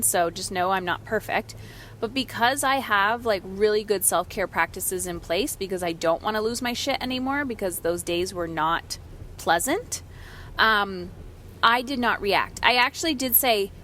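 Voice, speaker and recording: Woman podcast host, 30s, candid and animated storyteller, mid-pitched, slight background hiss. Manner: candid, animated, acts out quoted voices. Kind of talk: casual solo podcast storytelling.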